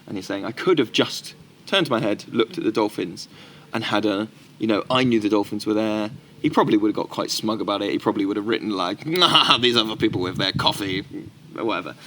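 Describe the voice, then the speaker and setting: A man's voice: fairly low pitch, fairly even intonation, quick pace, few pauses, slight background noise. A man, co-hosting a casual podcast chat and telling stories animatedly, often putting on the voices of the people he quotes. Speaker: podcast co-host.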